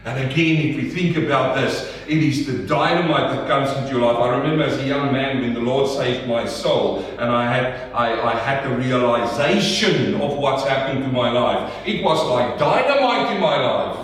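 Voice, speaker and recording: A man's voice: medium pitch, moderate pace, few pauses. A man preaching a sermon, his voice swelling and dropping for emphasis. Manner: preaching with rising and falling emphasis. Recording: echoey hall, voice from far off.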